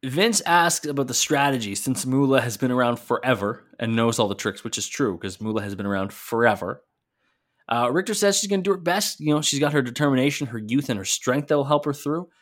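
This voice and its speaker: A man's voice: medium pitch, lively intonation, a little fast, a bit bright. Casual man recapping a wrestling clip. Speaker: podcast co-host. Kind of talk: casual chat.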